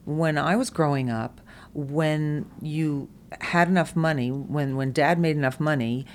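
A woman from Brooklyn, a stage actress, chatting in a lively storytelling way and imitating regional speech. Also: low-pitched, measured pace, a little hiss or hum. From Brooklyn, New York. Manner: animated storyteller who mimics regional speech. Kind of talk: casual conversation.

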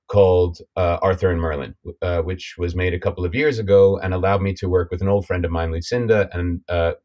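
An American man working as an actor talks about his career in an interview, modest and hesitant. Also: deep voice. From United States. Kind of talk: interview conversation.

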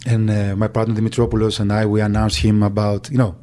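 Man, halting speech with restarts, lowish pitch, dark mellow tone, faint background ambience. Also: monotone, slight background noise. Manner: halting, with frequent restarts and fillers. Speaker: agent. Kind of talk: recounting memories in an interview.

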